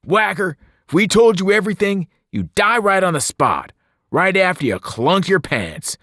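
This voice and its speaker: A man voicing a blunt, gruff teenage boy leader who talks in rough slang. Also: fairly low pitch, very animated, unhurried, no echo, clean studio sound. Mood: shouting. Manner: slangy, dropping words, rough.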